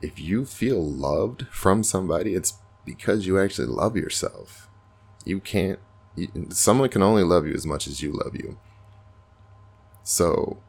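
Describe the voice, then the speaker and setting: A man's voice: sits low, creaky, darkish tone. A man hosting a podcast, talking earnestly and reflectively in a casual spiritual monologue. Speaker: podcast host.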